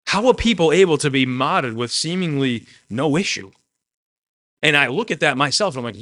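A man's voice: a little high, expressive, a little fast, pushed and bright. Earnest man preaching a sermon. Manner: earnest, emotional, tearful at moments.

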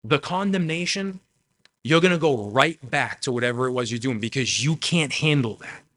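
A man preaching a sermon, addressing the congregation directly and swinging between loud emphasis and quiet asides. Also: medium pitch, expressive, moderate pace. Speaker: pastor.

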